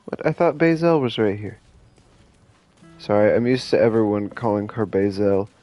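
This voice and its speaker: A man's voice: on the low side, moderate pace, highs cut off. Chatty, self-deprecating male gamer. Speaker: gamer playing on video. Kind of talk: casual let's-play commentary.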